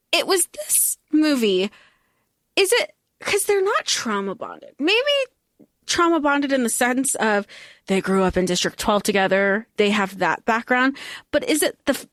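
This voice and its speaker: Lively, expressive woman podcast co-host. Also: fairly high pitch, normal speed, no room sound, studio quality. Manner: bubbly, laughs often, excitable. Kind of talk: casual chat.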